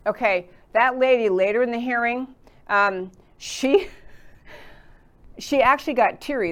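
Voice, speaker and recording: A woman hosts a political talk show in a somewhat high voice. She rambles and restarts often, filling pauses as she goes. Her commentary is loose and unscripted. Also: fairly bright tone. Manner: rambling, with many fillers and restarts. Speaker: show host.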